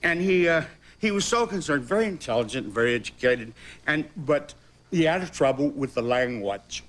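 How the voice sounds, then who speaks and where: A man in his sixties, an actor guest telling animated stories with chuckles on a talk show. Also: on the high side, moderate pace.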